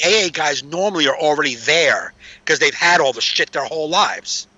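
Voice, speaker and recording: A man's voice: on the high side, expressive, normal speed, pushed and bright, no echo, dull audio. A man telling recovery stories in a casual chat, streetwise and swearing freely. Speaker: podcast guest.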